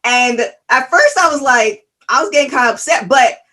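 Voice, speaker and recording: A woman's voice: sits high, lively intonation, moderate pace, bright, forceful tone. A woman from the West Indies co-hosting a podcast in casual chat, with frequent stammered restarts. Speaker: podcast co-host.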